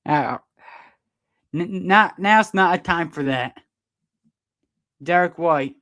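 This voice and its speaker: A man doing live fan play-by-play of a basketball game, partisan and quick to protest the referees' calls. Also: on the high side, sharp tone. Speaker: sports streamer doing play-by-play.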